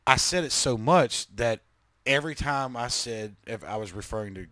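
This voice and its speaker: Brief: male podcast co-host, mid-pitched, swears freely, acts out the voices in his stories. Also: moderate pace, no echo. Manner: profane, animated storytelling with acted-out voices. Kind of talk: casual chat.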